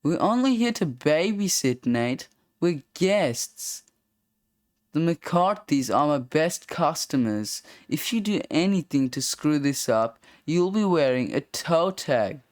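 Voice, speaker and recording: A bossy big sister laying down the rules, as the reader puts her on. The scolding comes slowly and firmly, in a dry, close recording. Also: mid-range voice, sing-song, dry recording. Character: bossy older sister, sharp-tongued. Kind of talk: comic strip read-aloud.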